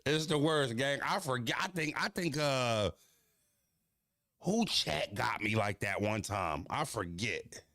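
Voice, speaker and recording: A man's voice: medium pitch, lively intonation, slow pace, sharp tone, no echo. A young man hosting a livestream, joking loosely and profanely, laughing and roasting his chat. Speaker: livestream host.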